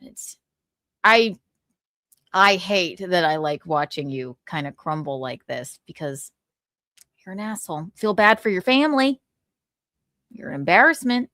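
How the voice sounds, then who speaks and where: Woman host, slow and animated, cuts people down with profane sarcasm; dry close sound. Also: on the low side, dry recording. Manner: mocking, blunt and profane. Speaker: livestream host. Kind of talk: profane pop-culture commentary.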